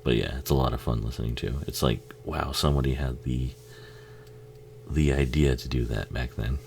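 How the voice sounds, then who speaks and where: A man's voice: extremely low pitch, fairly even intonation, normal speed, creaky, a little mellow, a little hiss or hum. A man giving a casual, rambling watch-along commentary on a film, swearing freely and laughing often.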